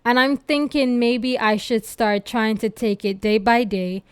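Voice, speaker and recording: A woman reads as a lovesick young man pouring out an anxious confession. The voice is crisp and a little high. It sounds dry and close. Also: fairly even intonation, measured pace, no room sound, close to an everyday voice. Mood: earnest. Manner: heartfelt confession read aloud.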